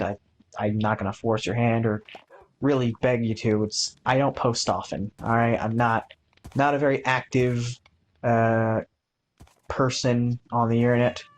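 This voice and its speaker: A man's voice: mid-range voice, fairly even intonation, measured pace. A young man talking casually over his own gameplay footage, rambling and self-deprecating with lots of filler words and restarts. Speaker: gaming channel host.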